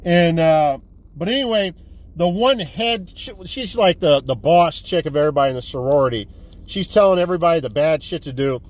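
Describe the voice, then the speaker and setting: Rambling, profane high-voiced man. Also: fairly quick. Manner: rambling, profane, animated retelling. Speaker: movie collector vlogger. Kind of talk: casual movie haul review.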